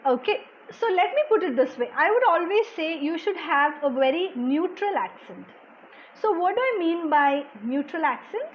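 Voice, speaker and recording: Soft-spoken woman coaching a live class. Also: sing-song, normal speed, highs cut off, slight background noise. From India. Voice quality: soft-spoken, low volume. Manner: explanatory, reads out viewer comments, frequent "okay". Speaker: language exam coach. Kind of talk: live-streamed lesson answering chat questions.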